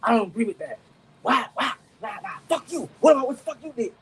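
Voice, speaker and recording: A man's voice: extremely high pitch, expressive, fast, slight background noise, pitched above the performer's own voice. A man voicing a defiant grown man who brushes off correction, indignant and cursing, repeating himself.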